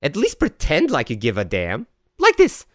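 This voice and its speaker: A man's voice: mid-range voice, wildly swooping pitch, moderate pace. A man narrating a comedic movie recap with sarcastic, jokey asides.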